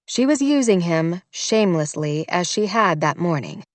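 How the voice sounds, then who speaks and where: Low-voiced woman narrating a romance audiobook. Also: lively intonation, moderate pace, dry recording.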